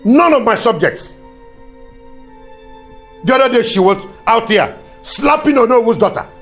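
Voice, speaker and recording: A man's voice: very high-pitched, expressive, a little slow, a bit bright, soft background music, full character voice. An actor with a Nigerian accent playing a stern king who warns and threatens a subject in a commanding way. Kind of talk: Nollywood drama acting.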